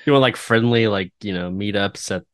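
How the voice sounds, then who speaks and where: A man's voice: lowish voice, fairly quick, a bit bright, dry recording, clean studio sound. A man co-hosting a podcast, musing aloud with curious questions in casual chat. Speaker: podcast co-host.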